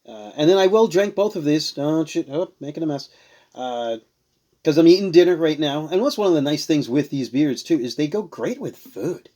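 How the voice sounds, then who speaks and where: A Rhode Island man hosts a casual show where he tastes and reviews beers, rambling and searching for words as he goes. His voice is a little high and warm, with lively intonation and a moderate pace.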